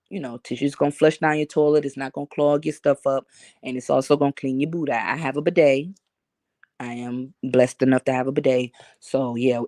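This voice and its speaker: A woman live-streaming in casual chat, telling profane, animated stories and talking to her viewers. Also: deep voice, no echo, studio quality. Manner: talks to chat and reads comments aloud.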